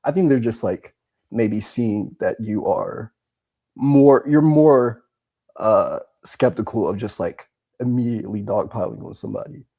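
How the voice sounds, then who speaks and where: Gravelly, mellow male caller. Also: lowish voice, animated, a little slow. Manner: supportive, filler-heavy. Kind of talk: casual call-in discussion.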